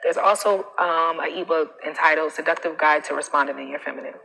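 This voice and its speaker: A woman coach hosting a casual live stream, animated and emphatic, with a preachy manner full of slang asides. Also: low-pitched, brisk, vocal fry, slight background noise, poor audio.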